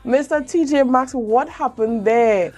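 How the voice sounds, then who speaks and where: A woman's voice: a little high, measured pace, a little mellow, dull audio. A woman hosting a morning show, interviewing a guest with encouraging, affirming remarks. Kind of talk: casual interview chat.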